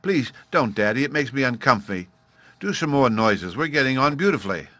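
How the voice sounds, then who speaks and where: A man voicing an excitable little cave girl in a storybook reading, eager and bubbly. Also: mid-range voice, fairly quick, no room sound, voice pushed up.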